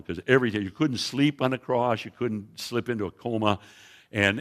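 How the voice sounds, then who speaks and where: His voice is on the low side and a bit bright as he preaches a storytelling sermon. A visiting Bible teacher in a church sanctuary, he vividly recounts scripture, often restarting his phrases and pointing to slides.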